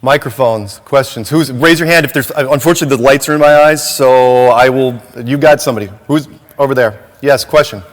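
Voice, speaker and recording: A man's voice: medium pitch, fairly quick, hardly any pauses. A man speaking to a large live audience at a conference, emotional and grateful, laughing and restarting his sentences. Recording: conference hall reverb.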